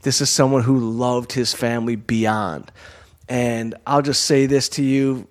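A man hosting his own show, telling a personal story in a candid, conversational way, full of "you know" and "like.". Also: mid-range voice. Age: adult, college-educated comedian and performer. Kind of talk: casual storytelling monologue.

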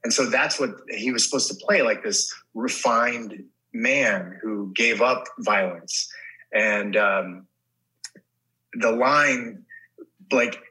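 A middle-aged actor as a guest in a casual chat, telling rambling stories full of restarts and swearing. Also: male voice, lowish voice, slow pace, sharp tone, low-quality recording.

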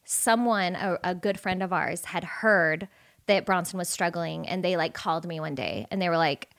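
A woman in her thirties tells her own story as a podcast guest. She is candid and animated, and she swears casually as she goes. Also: fairly low pitch, normal speed.

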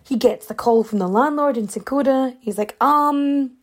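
A woman's voice: on the high side, brisk, a little mellow. Chatty woman telling a crime tale. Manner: chatty, rambling, lots of fillers and asides. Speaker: storyteller. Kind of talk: casual true crime storytelling.

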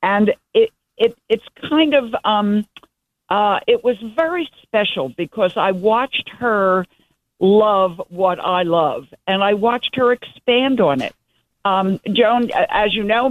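A medium-pitched woman's voice comes through dry on a tinny phone line. She is an older guest journalist in a casual interview, telling stories eagerly and meandering as she goes.

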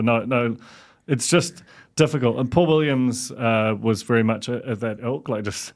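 A man's voice: medium pitch, steady tone, normal speed. A man, co-hosting a podcast and telling rambling anecdotes in casual chat. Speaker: podcast co-host.

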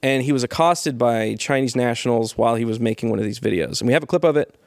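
A man hosting a podcast, telling stories in a casual chat with laid-back, drawn-out pacing and filler pauses. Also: mid-range voice, creaky, dry recording, studio quality. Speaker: podcast host.

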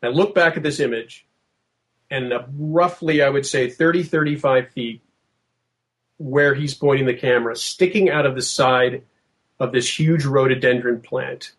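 A man's voice: medium pitch, normal speed. Man telling an eerie story. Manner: vivid, animated storytelling with acted-out quotes. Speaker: podcast guest. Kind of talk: storytelling in a podcast interview.

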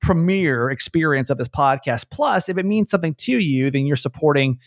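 A man's voice: fairly high pitch, lively intonation, dry recording, studio quality. A man hosting a podcast in casual chat, with a light Southern American accent, rambling and laughing easily. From Southern United States. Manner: rambling, chatty, quick laughs. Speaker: podcast host.

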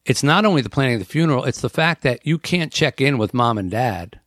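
A man's voice: mid-range voice, animated, brisk, fairly bright tone, no room sound, clean studio sound. A man hosting a talk show on air, speaking earnestly and acting out inner voices as he lists points. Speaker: radio talk show host.

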